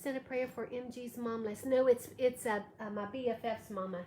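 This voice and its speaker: A craft livestream host, a little tired and dealing with allergies, demonstrates a live tutorial while thanking viewers by name. Her voice is fairly high, with fairly even intonation and a normal pace. The room is echoey, with faint background noise.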